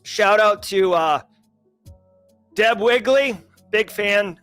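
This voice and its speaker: A man with a Massachusetts accent hosting a casual livestream chat, joking and animated as he talks to his viewers. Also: high-pitched, extremely slow, no room sound, soft background music. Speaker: livestream host.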